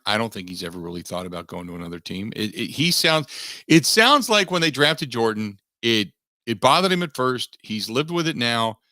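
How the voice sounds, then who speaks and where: A man hosts sports talk radio, hammering points with emphatic repeats. His voice is bright and forward. The studio sound is dry and close. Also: medium pitch, dry recording. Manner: emphatic, repetitive restarts.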